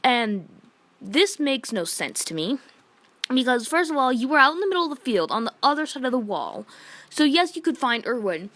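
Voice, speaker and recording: A manga reviewer delivers a casual, exasperated rant, indignantly retelling events in a rambling way packed with "like." Her voice sits high with big pitch swings, at normal speed and a bit bright. The recording is dry.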